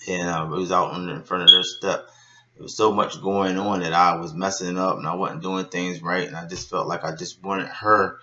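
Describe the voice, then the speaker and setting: A man's voice: sits low, flat delivery, normal speed, pushed and bright, dull audio. A middle-aged man, a street preacher, tells candid personal stories with many fillers. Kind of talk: personal testimony vlog.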